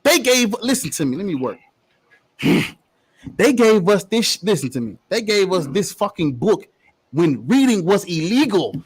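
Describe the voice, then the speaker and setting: A man tears into his opponents in a heated live debate, swearing freely and hammering his points like a preacher. His voice sits high and has a husky edge. It leaps up and down with every jab. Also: big pitch swings, a little slow. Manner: profane, emphatic, preachy. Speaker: debate panelist.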